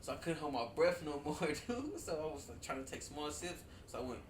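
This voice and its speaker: A man casually telling childhood stories to friends, animated and profane, laughing often and saying "dude" a lot. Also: a little high, fairly quick, far from the mic, slight background noise. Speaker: storyteller among friends. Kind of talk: casual chat. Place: at home with friends over wine. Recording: roomy, away from the mic.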